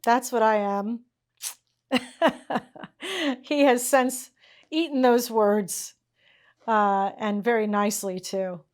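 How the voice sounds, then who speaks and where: A middle-aged woman talks her students through a tailoring lesson in her workshop at an unhurried pace. She speaks casually and chattily, laughing often and checking in with "okay?" and "all right?" as she goes. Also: on the high side, fairly even intonation. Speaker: tailoring instructor. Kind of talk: casual teaching chat with anecdotes.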